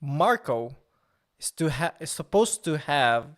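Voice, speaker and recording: A man's voice: a little high, very animated, slow. A man chatting casually on a live stream, joking and laughing at himself. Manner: joking, laughs often, self-mocking.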